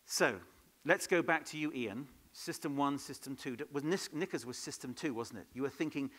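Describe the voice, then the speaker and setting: A man leading an improv workshop at a conference, in a lively, playful way, throwing questions to the audience. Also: mid-range voice, moderate pace, few pauses. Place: conference hall.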